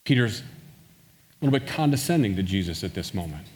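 A man's voice: low voice, lively intonation, quick pace. A man preaching a sermon, telling a story and acting out the quoted lines. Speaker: pastor. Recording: long hall reverb.

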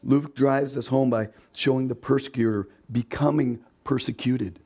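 A man at a mid-range pitch delivers a sermon in a conversational, storytelling manner. He asks his listeners rhetorical questions, repeats key words for emphasis, and briefly acts out the voices of the people he quotes. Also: steady tone, normal speed, dark tone, slightly rough. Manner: emphatic repetition. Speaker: pastor.

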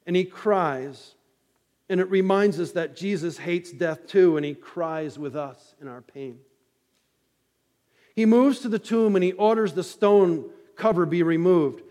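A man preaching a sermon as pastor, telling the story with dramatic rises and hushed drops. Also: high-pitched, unhurried. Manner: dramatic storytelling preacher, rising and falling intensity. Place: church sanctuary. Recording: long reverb of a church hall.

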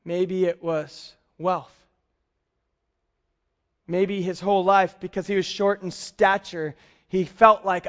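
A man preaching a sermon as a pastor, telling family stories in an animated way and slowing down to stress key points. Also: sits high, dull audio. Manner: storytelling, animated, slows for emphasis.

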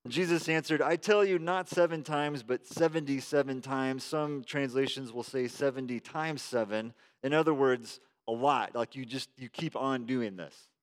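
A man's voice: medium pitch, moderate pace, hardly any pauses. Man preaching a conversational sermon. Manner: conversational, prayerful then animated. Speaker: pastor.

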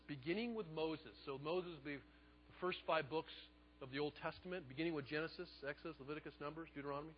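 A man preaching a sermon, telling the story in a lively way and acting out the quotes. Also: on the high side, breathy edge, in a large hall, muffled recording. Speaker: pastor.

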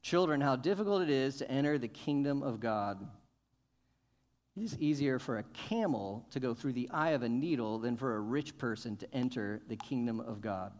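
A male pastor preaching a sermon, asking questions and building to emphatic, loud points. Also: medium pitch, animated, normal speed. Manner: rises to emphatic, loud peaks, asks the congregation questions.

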